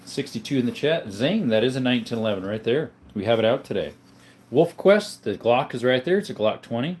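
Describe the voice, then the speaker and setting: A livestream host from Arizona, US, speaks in a medium-pitched, darkish voice with lively intonation and a brisk pace. Laid-back and casual, he reads viewer comments aloud and answers their questions one by one.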